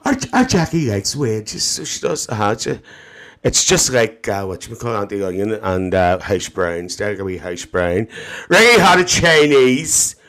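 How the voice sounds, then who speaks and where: A man's voice: medium pitch, fairly bright tone, lightly acted. A man playing a bawdy, gossiping Northern Irish auntie on a live stream, chatting cheekily and calling everyone dear and love, into a phone mic. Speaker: TikTok live host. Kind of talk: live-stream comedy character chat.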